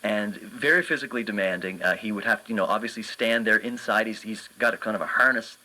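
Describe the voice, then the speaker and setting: A man's voice: on the low side, fast talker, sharp tone, rough recording. A man who works as a children's entertainer and magician, speaking earnestly and enthusiastically as a guest in a radio interview, with many fillers and restarts.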